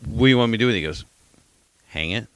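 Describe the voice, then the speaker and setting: A man's voice: mid-range voice, lively intonation, rapid-fire, a bit bright, clear, resonant tone, no echo. A middle-aged man co-hosting a podcast, telling a story in rambling casual chat, repeating himself and swearing now and then. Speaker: podcast co-host.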